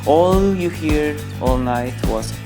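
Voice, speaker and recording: A man's voice: a little high, slow pace, loud music behind the voice. A young man reading a crude comic story aloud, breaking off for mocking asides to the listener. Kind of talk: mock bedtime story reading.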